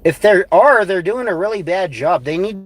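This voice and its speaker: Crude ranting guy on a stream, kinda high voice, rambles and sneers. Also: expressive, normal speed. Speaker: livestreamer. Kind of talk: profane livestream rant.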